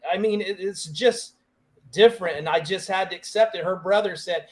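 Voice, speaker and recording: A man on a panel, speaking quietly and matter-of-factly. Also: high voice, normal speed. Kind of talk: casual panel chat.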